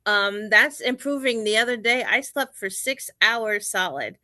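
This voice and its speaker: Woman, guest, video call chat, animated, quick bursts, bright, dry sound. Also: mid-range voice, no room sound. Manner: animated, retelling her days with quick bursts and quoted self-talk. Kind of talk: casual video chat interview.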